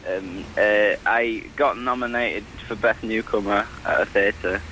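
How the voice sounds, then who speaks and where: A man's voice: lowish voice, measured pace, sharp tone, slight background noise, rough recording. A man who acts on stage, calling in to chat, answering hesitantly and briefly. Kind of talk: casual phone-in chat.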